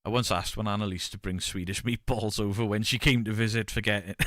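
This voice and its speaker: A man's voice: fairly low pitch, no echo, studio quality. A man, streaming and bantering casually with his chat. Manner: banter, reads chat aloud, shouts mock pub-landlord bits.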